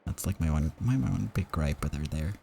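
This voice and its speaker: Rambling, gravelly-voiced man. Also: very deep voice, expressive, fairly quick, warm tone. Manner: rambling, stammering, emotional. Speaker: let's play host. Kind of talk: casual game commentary.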